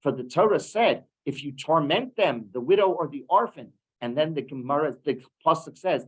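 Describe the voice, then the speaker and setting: A man's voice: a little high, expressive, moderate pace, few pauses, breathy edge, rough recording. A man teaching a weekly Torah class, asking rhetorical questions and mixing in Hebrew terms. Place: synagogue room.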